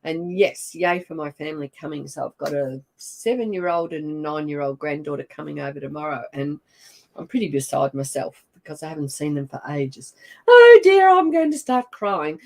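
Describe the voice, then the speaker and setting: Hosting a relaxed live-stream chat, an older woman with an Australian accent speaks in a deep voice at a slightly fast clip. She greets her viewers by name, effusive and talkative.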